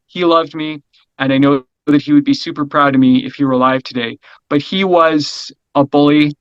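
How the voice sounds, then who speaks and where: Rambling, energetic middle-aged man. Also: on the high side, normal speed, clean tone, no room sound, dull audio. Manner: energetic, rambling, repeats words, frequent "right?". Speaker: interview guest. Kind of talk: casual conversational interview.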